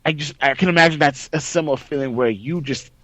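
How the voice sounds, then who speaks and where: A man hosting a casual gaming podcast, telling a story excitedly and bursting into loud reenactments. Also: on the high side, fast, no room sound. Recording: dry, slightly dull sound.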